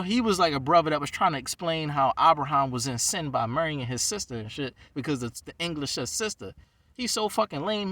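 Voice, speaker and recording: Man ranting heatedly, bright and distant. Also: fairly high pitch, no echo. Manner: heated, ranting, heavy swearing. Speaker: rabbi. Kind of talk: profane venting monologue.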